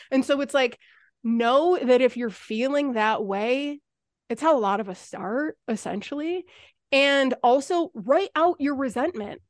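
A woman's voice: high voice, normal speed, no echo, studio quality. A woman co-hosting a podcast, telling candid personal stories in casual conversation and swearing freely. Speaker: podcast co-host.

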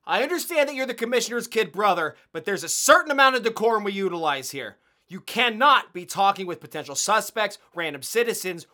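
A man's voice: sits high, bright, forceful tone. A man playing a police sergeant in a comedy sketch, sternly lecturing a junior officer.

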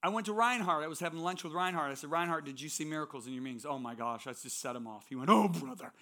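Bright-voiced male preacher telling stories. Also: a little high, very fast. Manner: storytelling, emphatic. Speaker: guest preacher. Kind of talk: sermon with personal stories. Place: church.

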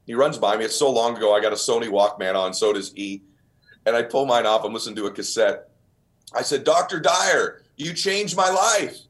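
Deep-voiced man telling an earnest story. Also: fairly even intonation, fast. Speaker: podcast guest, author. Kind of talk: storytelling in an interview.

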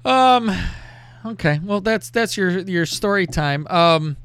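A man hosting a casual show, telling a crude story in a lively, profane way and reading out text messages. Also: high voice, slow pace, clear, resonant tone, no room sound. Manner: animated, profane, reads out texts with laughter. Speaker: podcast host.

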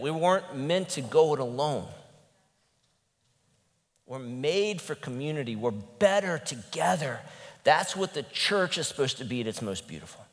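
A man's voice: medium pitch, expressive, normal speed. Guy pastor preaching casually to his church, earnest, gets emotional, voice ringing out in a big echoey sanctuary. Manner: earnest, candid, often emotional, with fillers. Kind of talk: conversational sermon. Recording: long reverb in a large hall.

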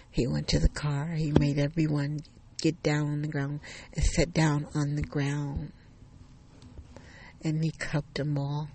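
Gravelly, husky male storyteller. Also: a little high, mellow. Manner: halting, repeats phrases, restarts. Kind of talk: told story, casual retelling.

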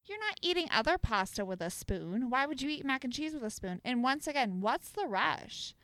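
A young woman co-hosting a casual chat show, giving animated, opinionated takes on food habits. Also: high voice, normal speed, dry recording, clean studio sound. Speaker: podcast co-host.

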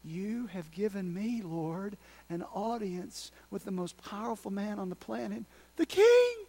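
A pastor delivers a sermon in a fairly high male voice. He preaches with passion and drops into little acted-out prayers and asides to his congregation. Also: a little slow, mellow.

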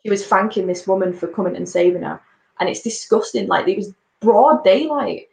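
A woman talks in casual conversation, rambling through a story full of fillers. Her voice sits at a middle pitch and echoes around the room. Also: normal speed, vocal fry, a little mellow. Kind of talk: casual chat.

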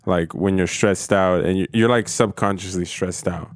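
A man's voice: sits low, steady tone, normal speed, no echo, clean studio sound. A man in casual, profane chat, rambling through stories with lots of fillers.

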